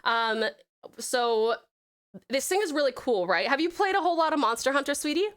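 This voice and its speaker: A bubbly woman streamer with an accent that blends American and Australian sounds. Her voice sits high and bright, and it swoops up and down a lot as she reads chat aloud. She thanks viewers warmly with pet names. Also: expressive, moderate pace. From United States. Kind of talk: casual live-stream chat while drawing.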